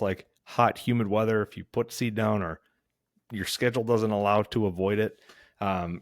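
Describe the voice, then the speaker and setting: A man's voice: lowish voice, dry recording, studio quality. A man hosting a lawn care show, explaining the steps casually, one by one, with frequent filler words. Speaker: lawn care podcast host. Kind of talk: casual instructional talk.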